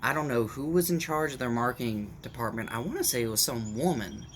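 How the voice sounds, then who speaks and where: A man's voice: medium pitch, expressive, brisk, slight background noise. A man talking casually to his viewers in a rambling opinion rant, with restarts and asides, recorded at home on a camera mic. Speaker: vlogger. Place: at home in the morning, dog nearby.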